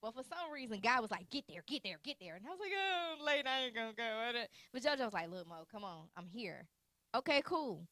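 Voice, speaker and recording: A woman hosting a casual talk show, telling a lively story and acting out the exchanges she quotes. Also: on the high side, fairly quick, dry recording. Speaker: host. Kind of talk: casual chat.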